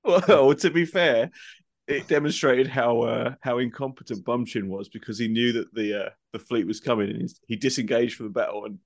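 Excitable podcast co-host man. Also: medium pitch, moderate pace, vocal fry, no room sound, clean studio sound. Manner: excitable, stammers when worked up. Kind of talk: casual banter.

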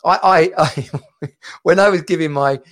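A man's voice: fairly high pitch, normal speed, fairly bright tone. A man hosting a live podcast stream in a casual, rambling way, laughing easily as he talks over a video call. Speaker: podcast host.

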